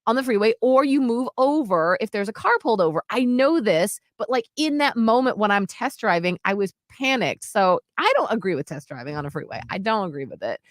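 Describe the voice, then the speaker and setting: A woman co-hosting a radio show, telling a story in lively casual chat. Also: medium pitch, fairly quick, few pauses, no echo, clean studio sound. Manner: animated storytelling, acts out quotes.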